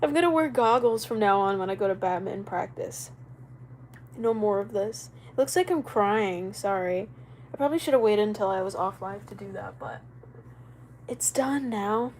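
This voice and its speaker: A young woman chatting loosely on a live stream in a rambling, animated way, with reactions to viewers' comments. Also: medium pitch, moderate pace, slight background noise, low-quality recording. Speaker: livestreamer. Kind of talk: casual live-stream chat.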